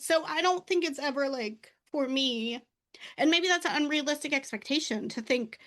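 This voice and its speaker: High-voiced chatty woman host. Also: moderate pace. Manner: warm-hearted, emotional, chatty. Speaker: podcast host. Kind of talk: casual conversational interview.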